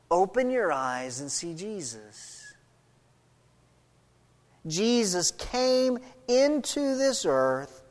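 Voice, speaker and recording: A woman pastor preaching a sermon verse by verse, swinging between loud emphatic stretches and quiet low passages. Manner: expository, walks through a scripture passage verse by verse. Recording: long hall reverb.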